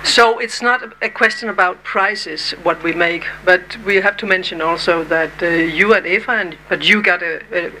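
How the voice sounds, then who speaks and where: A presenter questioning a guest on stage, pausing often to find words. The voice is bright and mid-pitched. A faint hum sits in the background. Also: low-quality recording. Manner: hesitant, searching for words. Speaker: conference presenter. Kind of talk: on-stage interview.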